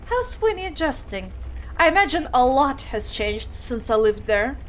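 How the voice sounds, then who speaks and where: A woman's voice: high voice, big pitch swings, moderate pace, a little hiss or hum. A woman reading as a chatty nostalgic mom. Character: middle-aged mother writing to her son.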